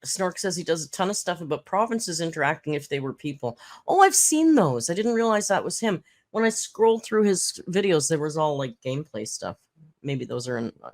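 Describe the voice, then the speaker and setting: A host from Southern Ontario, casually chatting, giggling and explaining slang. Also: mid-range voice. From Southern Ontario, Canada. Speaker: reaction channel host. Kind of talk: casual commentary.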